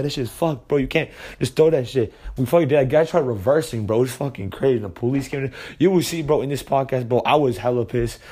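A man's voice: medium pitch, a little mellow. A teenage man hosting his podcast, talking casually, agitated and profane, saying bro a lot. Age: teens. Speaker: podcast host. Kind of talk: casual vlog rant.

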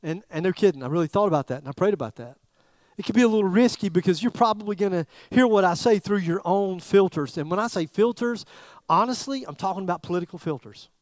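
A middle-aged man preaching a sermon as pastor, in a chatty, joking way with pauses and repeated phrases. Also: high voice, lively intonation, a little mellow, dry recording.

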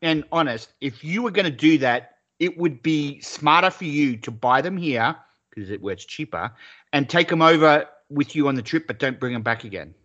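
Bright Australian man, dull lo-fi sound. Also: fairly high pitch, expressive, moderate pace. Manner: storytelling, laughs often, swears freely. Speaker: podcast co-host. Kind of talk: casual chat.

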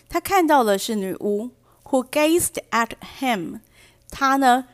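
A woman teaching vocabulary through a storybook, reading each line slowly and then translating and explaining it. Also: on the high side. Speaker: English teacher. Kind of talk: bilingual storybook lesson.

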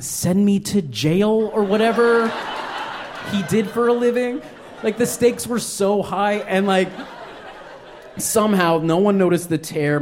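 A man in his thirties doing stand-up on a live stage mic, his voice a touch higher than most men's. He tells a self-deprecating story and keeps jumping into squeaky acted-out quotes. A faint hum runs under him. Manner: animated, self-deprecating, jumps into high-pitched acted-out quotes. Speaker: stand-up comedian. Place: comedy stage before a live audience.

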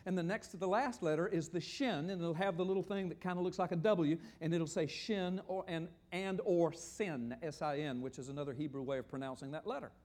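A man with a high voice preaches to a congregation in a church hall. He explains things in a conversational way and asks for the next slide as he goes. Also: darkish tone. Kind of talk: sermon with slides.

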